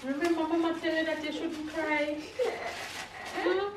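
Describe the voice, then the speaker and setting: A woman, vlogging at home as a mother who soothes over and over in a soft voice. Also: very high-pitched, steady tone, unhurried. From Jamaica. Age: 30s. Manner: soft repetitive soothing of a crying child. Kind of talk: casual home vlog. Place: home kitchen. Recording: echoey room with background noise.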